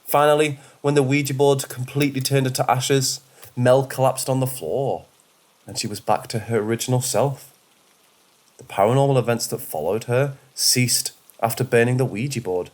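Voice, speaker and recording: A man reading scripted paranormal stories aloud as a first-person narrator, in a measured delivery with the odd stumble. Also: medium pitch, a little mellow. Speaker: storyteller. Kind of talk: scripted horror story narration.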